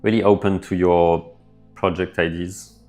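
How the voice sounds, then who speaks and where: Laid-back low-voiced man streaming live. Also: measured pace, faint music behind. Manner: relaxed, thinks aloud with fillers, reads chat messages out. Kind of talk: casual live stream chat reading viewer comments.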